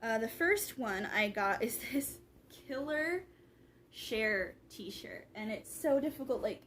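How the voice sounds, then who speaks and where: A chatty young woman talks straight into her camera mic, rambling along with plenty of ums and likes. Her voice sits a little high for a woman, with a faint hiss of background noise behind it. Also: expressive, slow pace, a bit bright. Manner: rambling, chatty, lots of fillers. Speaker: vlogger. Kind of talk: casual vlog chat.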